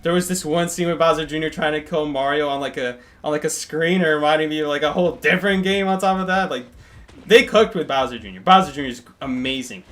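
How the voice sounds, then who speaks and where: A young man with a high-pitched voice chats casually on a live stream. His talk rambles, with animated jumps and frequent self-corrections. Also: fast. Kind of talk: casual livestream chat.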